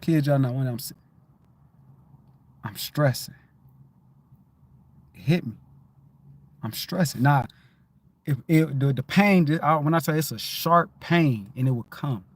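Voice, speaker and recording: A man talking casually on a livestream, telling a story in a lively way, repeating himself and swearing freely. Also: on the high side, measured pace, long pauses. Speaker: livestream host. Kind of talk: casual spiritual livestream talk.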